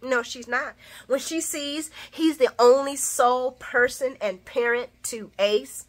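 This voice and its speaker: A woman's voice: sits high, unhurried. A woman hosting a casual soap opera recap, chatty and opinionated, who laughs often and talks straight to her viewers. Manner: speaks to viewers as y'all.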